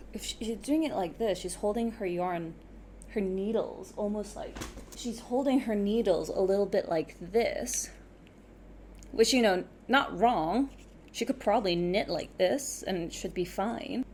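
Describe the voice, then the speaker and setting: A woman's voice: medium pitch, unhurried, darkish tone, a little hiss or hum. A young woman with an international-school accent, casually chatting as host of a knitting reaction video. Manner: chatty, laughs easily, thinks aloud.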